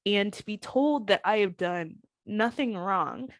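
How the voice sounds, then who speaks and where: A woman's voice: medium pitch, measured pace, no room sound. A woman in her thirties, a guest on an interview podcast, telling her story candidly and emotionally, acting out what others said. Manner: emotional, candid, quotes others in lively voices. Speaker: guest, former pro wrestler.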